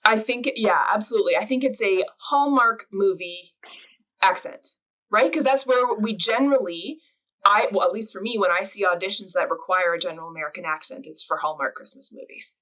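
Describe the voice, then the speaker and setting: A woman's voice: mid-range voice, brisk, a bit bright, poor audio. A Canadian woman with a Canadian accent, hosting a podcast interview in a friendly, conversational way. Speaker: podcast host.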